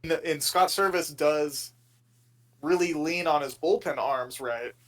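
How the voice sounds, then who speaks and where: Podcast co-host, a man with a higher voice; relaxed joking banter and rambling anecdotes. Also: a little slow, rough recording. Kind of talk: casual sports chat.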